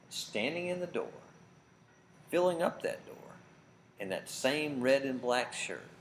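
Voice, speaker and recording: A man telling a story to children at camp, dramatic and expressive, getting loud for big moments. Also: medium pitch. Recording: faint background noise.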